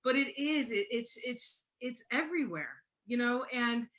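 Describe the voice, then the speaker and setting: Bright, chatty woman in her forties. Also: fairly high pitch, unhurried. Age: 40s. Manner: chatty and animated, laughs often, acts out quotes. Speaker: host. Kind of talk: casual livestream chat.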